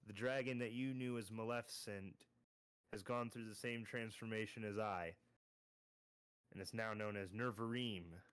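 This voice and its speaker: A man voicing a smug, scheming male dragon who speaks slowly and deliberately in a tabletop game. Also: on the low side, fairly even intonation, fairly bright tone, clean tone, no room sound, lightly acted. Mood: smug, menacing. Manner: slow, deliberate, turns sing-songy when taunting.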